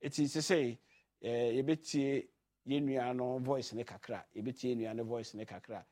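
A man hosting a radio talk show in a relaxed, chatty way, switching freely between languages. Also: medium pitch, normal speed. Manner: mixes languages, chatty and loose. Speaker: radio host. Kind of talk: casual radio chat.

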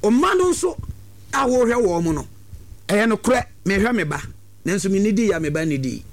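A man giving lively, preachy advice on a talk show, sometimes breaking into shouts. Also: high voice, brisk.

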